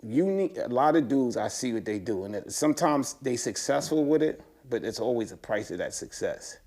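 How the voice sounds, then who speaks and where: A man, an interview guest, talking in casual conversation, animated and slangy, his voice jumping high when he gets excited. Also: moderate pace. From United States.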